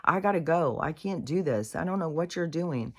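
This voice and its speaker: A woman's voice: deep voice, lively intonation, normal speed, darkish tone, voice pushed up. A woman voicing a burdened medicine man who urgently insists he has to move on. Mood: exasperated. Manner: urgent, exasperated. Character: burdened traveling medicine man, anxious to leave.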